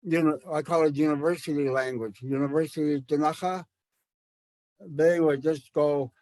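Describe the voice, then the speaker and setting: A man's voice: on the high side, steady tone, moderate pace, a little mellow, dry recording. A man teaching a language class to educators, speaking thoughtfully with many fillers and restarts. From Canada.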